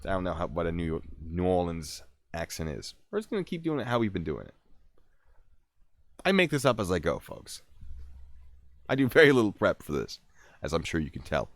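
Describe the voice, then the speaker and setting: A man's voice: low-pitched, very animated, brisk, creaky, long pauses, no echo. A man hosting a casual livestream, reading out true-crime trivia and adding joking, sarcastic asides. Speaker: streamer reading stories.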